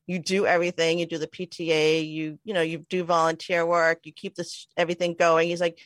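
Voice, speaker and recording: A woman in her forties co-hosting a podcast, with a fairly low voice. She tells her story in a chatty, self-deprecating way and laughs easily. The sound is dry and close, with no room around it. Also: flat delivery, brisk, no echo. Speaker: podcast co-host. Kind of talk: casual storytelling chat. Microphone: remote call mic.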